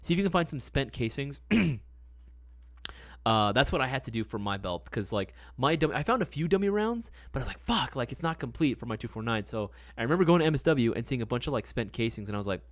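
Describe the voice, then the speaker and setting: A man's voice: mid-range voice, big pitch swings, fast, dry recording, studio quality. A young man hosting a casual live stream, talking in a laid-back, slangy way and often tagging on "right?" and "man". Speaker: livestream host.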